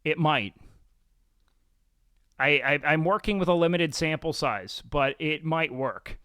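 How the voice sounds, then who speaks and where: Guy streamer swearing a lot and poking fun at himself, smooth resonant voice, bone dry, right on the mic. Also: a little high, unhurried, sharp tone, dry recording. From Mexican and Salvadoran heritage. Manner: profane, blunt, self-mocking. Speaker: livestream host. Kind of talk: casual stream chat, reacting and reading chat.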